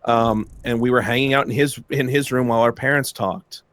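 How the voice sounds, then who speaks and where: A man's voice: mid-range voice, steady tone, a little fast, a bit bright, slight background noise. A young man telling a long personal story in casual chat, rambling with many fillers and frequent laughs.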